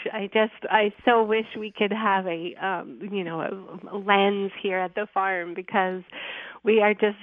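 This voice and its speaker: Cheerful woman on a tinny phone line. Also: mid-range voice. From Vermont, USA. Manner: cheerful, effusive, with many "um"s. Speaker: guest farmer. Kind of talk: radio interview over the phone.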